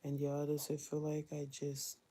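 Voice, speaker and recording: A woman's voice: deep voice, completely flat delivery, fairly quick, warm tone, breathy edge. A woman chatting candidly as a mother vlogger while doing chores, laughing often.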